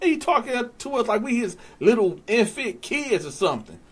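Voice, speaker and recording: Animated man telling a story to viewers. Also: very high voice, brisk, slightly rough. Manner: animated, profane, talks straight to viewers. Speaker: storyteller host. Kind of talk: casual storytelling to camera.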